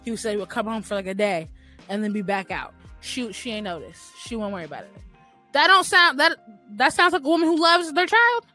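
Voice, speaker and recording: A woman's voice: on the high side, expressive, brisk, pushed and bright, faint music behind. A woman co-hosting a casual chat podcast, telling stories bluntly and candidly with slang. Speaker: podcast co-host.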